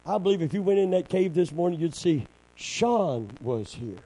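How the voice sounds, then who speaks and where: A man's voice: sits high, animated, moderate pace, mellow, poor audio. Fervent male preacher calling for amens. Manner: fervent call-and-response. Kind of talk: sermon.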